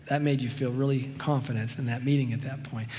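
A man preaching a sermon in a conversational way, telling stories and slowing down for emphasis. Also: mid-range voice, steady tone, warm tone, long reverb tail, a little hiss or hum. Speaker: pastor.

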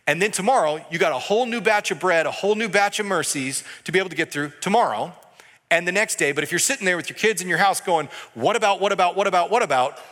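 A man's voice: high-pitched, sharp tone. A male pastor preaching a sermon in a loose, conversational way, acting out bits of dialogue as he goes. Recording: echoey hall with long reverb.

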